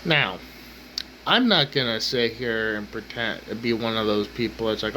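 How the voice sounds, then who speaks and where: The recording is poor and carries slight background noise as a man with a low, pushed, bright voice vents at normal speed. He's an angry vlogger at his home kitchen table, swearing, repeating himself and clearly exasperated as he addresses the camera.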